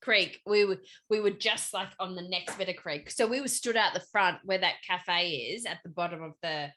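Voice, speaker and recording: A woman's voice: on the low side, normal speed. A woman co-hosting a podcast, teasing and cutting in during casual chat. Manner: lively, teasing, jumps in with interruptions. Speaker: podcast co-host.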